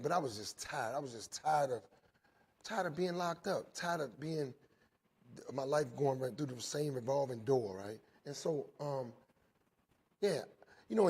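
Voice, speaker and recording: Speaking in person to inmates at a jail, a middle-aged man shares his recovery story earnestly, repeating phrases and tacking "right?" onto almost every sentence. His fairly high voice is a little mellow with a breathy edge.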